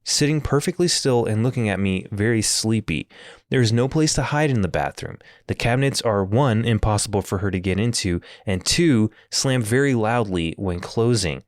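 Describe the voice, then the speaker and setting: A man's voice: fairly low pitch, animated, normal speed, no room sound, studio quality. A man co-hosting a casual podcast, reading stories aloud in a laid-back, hesitant way with chuckles. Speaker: podcast co-host.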